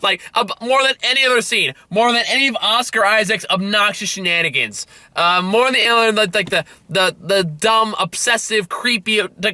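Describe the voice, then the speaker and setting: A young man delivers an exasperated, rambling movie review, stumbling over restarts and peppering his words with profanity. His voice sits high and sounds piercingly bright. It is recorded dry and close inside a parked car. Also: no echo.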